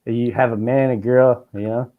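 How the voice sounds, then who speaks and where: A man's voice: mid-range voice, normal speed, narrow, tinny audio. A man from Canada hosting a podcast, telling travel stories in casual chat, full of swearing and acted-out dialogue. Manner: profane, animated storytelling with mimicked dialogue. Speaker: podcast host.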